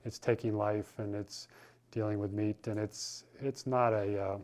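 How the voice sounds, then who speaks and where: A man gives a sermon in a low voice, speaking informally and telling a story as he goes. He often restarts his sentences mid-thought. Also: steady tone, unhurried, darkish tone. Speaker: spiritual teacher.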